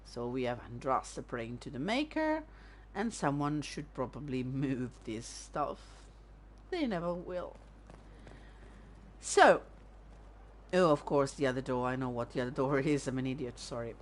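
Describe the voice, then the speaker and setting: A woman's voice: a bass voice, big pitch swings, unhurried, long pauses, a little hiss or hum. A woman streaming a video game, chatting casually and thinking aloud as she plays. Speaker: let's-play streamer. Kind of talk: casual gameplay commentary.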